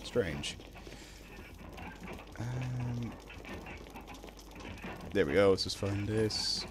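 A young Irish man streaming a video game, chatting casually with his viewers between drawn-out ums. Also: lowish voice, expressive, slight background noise. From Ireland. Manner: laid-back, drawn-out ums, greets chat. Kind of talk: casual live-stream chat while gaming.

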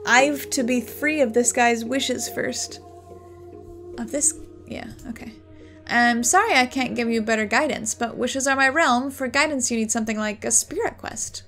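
A woman's voice: fairly high pitch, moderate pace, fairly bright tone, faint music behind. A woman voicing a weary genie trapped in a lamp, in a dry, put-upon manner.

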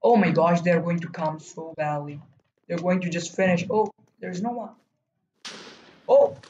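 A man's voice: high voice, unhurried, muffled recording. Guy streaming a game, hyped commentary, lots of whoa whoa, echoey room, bit of hiss. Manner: excitable, bursts into loud "whoa" and "no" cries; talks to himself and urges teammates on. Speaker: gaming streamer. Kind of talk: live gameplay commentary.

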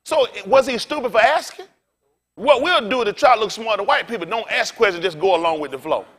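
A man's voice: sits high, animated, fairly quick, fairly bright tone. A male pastor preaching a rowdy, colloquial sermon, calling out to his congregation for responses.

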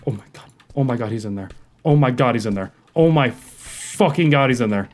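A man hosting a horror game playthrough, talking to himself in jumpy, profane commentary that swings from muttering to yelling. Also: mid-range voice, expressive, a little fast. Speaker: gaming video host.

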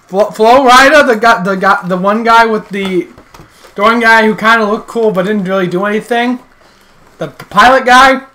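A man giving casual, jokey gameplay commentary, excitable and full of trash talk. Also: high-pitched, a little slow, pauses often, soft background music. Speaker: video game player.

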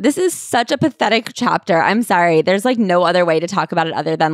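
A woman co-hosting a comedy book podcast, bluntly mocking the memoir with scorn and quick laughs. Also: fairly low pitch, animated, no room sound, studio quality. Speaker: podcast co-host. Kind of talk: casual comedic book recap.

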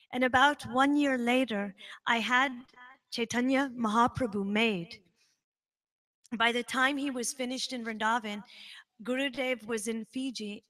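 At a spiritual center, a woman with a bright, high voice delivers a devotional talk. She tells her story with animation and emphasis, building each point as she goes.

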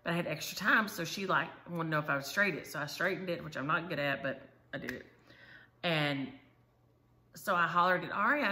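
A woman's voice: fairly low pitch, pushed and bright. An older woman, telling stories in casual, chatty talk as host of her stitching channel. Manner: chatty storyteller, says "y'all". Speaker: Flosstube host. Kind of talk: casual chat.

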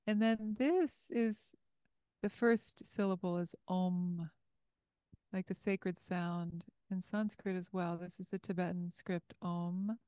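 Woman, meditation teacher, unhurried, clear resonant voice, dry close sound, video call. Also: lowish voice, fairly even intonation, warm tone, no room sound. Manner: patient, explaining step by step. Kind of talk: online class teaching.

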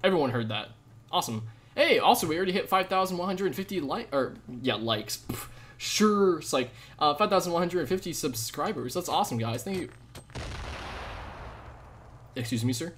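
A man's voice: fairly high pitch, animated, normal speed, pauses often. Rambling young male game streamer. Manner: jokey, rambling, sudden loud outbursts. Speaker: gaming streamer. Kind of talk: live gameplay commentary with chat.

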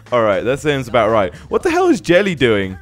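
Animated young man narrating gameplay. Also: medium pitch. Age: young adult. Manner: laughing, animated, exclaims at the screen. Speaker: gaming channel host. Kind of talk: casual game commentary.

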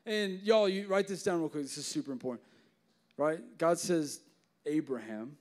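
With a slightly high voice at a moderate pace, a young youth pastor gives a sermon to young people. It's a joking, lively storytelling style, thick with casual fillers.

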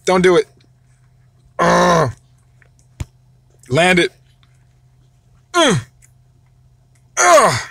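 High-voiced, excitable man gaming. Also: very slow, creaky, long pauses, slightly rough, dry recording. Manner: excitable, wails and shouts over losses. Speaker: father, mobile gamer. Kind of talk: gameplay commentary.

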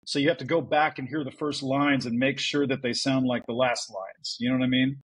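A man who works as a voice actor, telling stories in a casual podcast interview, animated and full of restarts. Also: medium pitch, fairly quick, slightly rough, rough recording. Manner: chatty storyteller, animated with restarts. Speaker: voice actor guest.

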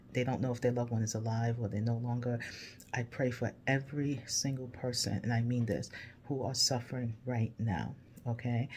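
An earnest man speaks directly to his followers in a heartfelt vlog, emotional and emphatic as he makes his points. He is an English teacher from the United States with a voice of ordinary middle pitch. A faint hum of noise sits behind him. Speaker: English teacher and channel host. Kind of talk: heartfelt direct-to-camera message to viewers.

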